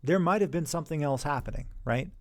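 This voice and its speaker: A man teaching classroom management in a conversational way, sometimes acting out calm talks with students. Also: a little high, fast, no echo. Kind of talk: instructional talk on classroom management.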